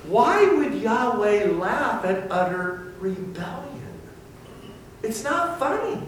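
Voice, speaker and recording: A man leading an interactive Bible study for a small group, teaching in an animated, theatrical way. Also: very high-pitched, takes it slowly, a little hiss or hum. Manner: animated and theatrical, acting out voices. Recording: echoey room from far off.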